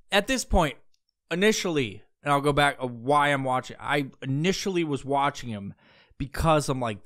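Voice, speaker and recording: A man rants on a comedy podcast, swearing constantly and slipping into mocking voices. His voice sits a little high with a gravelly edge. His talk is loose and crude. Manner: profane, animated, acts out voices mid-story. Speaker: podcast host.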